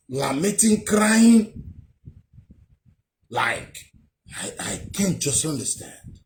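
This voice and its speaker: A man's voice: fairly high pitch, a little mellow, slight background noise. A man, delivering heated, scornful commentary with rhetorical questions. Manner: scornful, lectures the viewer with many rhetorical questions. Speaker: vlogger.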